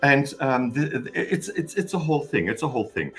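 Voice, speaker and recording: A man's voice: medium pitch, very animated, brisk, fairly bright tone, faint music behind. A man with a German accent, hosting a casual live stream for his channel, rambling, stammering and chatting cheekily with his viewers. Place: home in Austria.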